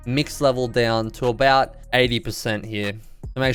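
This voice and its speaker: A young man with a smooth, resonant voice talks through his beat-making process in a relaxed, explanatory way. Faint music plays behind him. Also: mid-range voice, moderate pace. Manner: relaxed, explanatory, casual phrasing. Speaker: music producer. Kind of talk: beat-making tutorial walkthrough.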